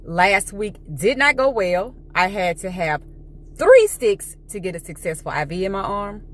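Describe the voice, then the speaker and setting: With a mid-range voice and a measured pace, a woman rambles through a casual vlog. She is animated, talks as she eats, and admits that she is anxious.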